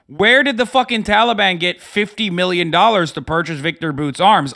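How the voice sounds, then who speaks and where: A man's voice: sits high, lively intonation, normal speed, sharp tone. A man streaming, ranting in a sarcastic, profane, casual way. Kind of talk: casual live-stream commentary.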